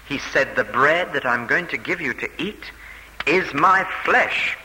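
Bright-voiced male preacher in a reverberant hall. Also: mid-range voice, moderate pace. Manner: expository, emphatic repetition, acts out quotes. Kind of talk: sermon.

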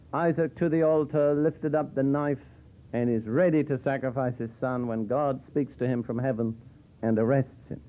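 A man teaching from the Bible in a conversational sermon style with dry humor, explaining verses as he goes. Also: medium pitch. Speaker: preacher. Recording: tinny phone-like old tape.

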